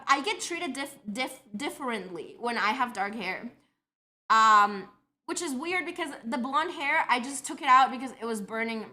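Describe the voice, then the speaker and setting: Young woman, Colombian accent, livestream chat, rambling stories, fairly high bright voice. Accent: Colombian, long in Canada. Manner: rambling, self-deprecating storytelling. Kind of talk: casual chat with stream chat.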